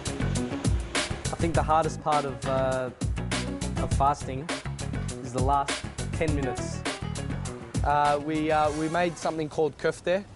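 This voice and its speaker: A man's voice: fairly high pitch, steady tone, takes it slowly, long pauses, loud music behind the voice. Hesitant man, casual. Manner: hesitant, many fillers. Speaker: neighbour and friend. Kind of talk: casual chat and explanation.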